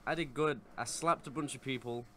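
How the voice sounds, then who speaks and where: A man's voice: mid-range voice, brisk, bright, forceful tone. A man co-hosting a podcast in casual chat, teasing and dry. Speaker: podcast co-host.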